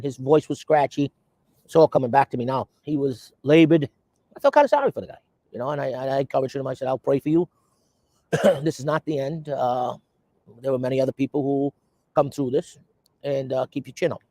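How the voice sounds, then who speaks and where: A man's voice: medium pitch, fairly even intonation, a little fast, dark tone, dry recording. A man in an interview, reflecting on past phone calls in a hesitant, thoughtful way. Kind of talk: interview storytelling.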